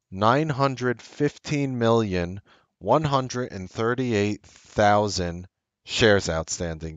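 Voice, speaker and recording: A man with a fairly low voice hosts a stock trading show, walking through market news step by step. He talks conversationally with fillers, then breaks into loud, disbelieving outbursts when something strikes him. The sound is dry and close, with no room echo. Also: highs cut off. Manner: animated, incredulous outbursts, rising loud on emphasis. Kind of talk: market commentary to camera.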